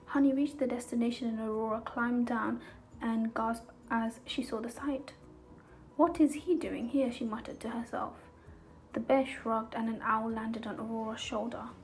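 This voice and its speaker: A woman reading a fantasy short story aloud in a calm, even storybook narration. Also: on the high side, normal speed, low-quality recording. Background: soft background music.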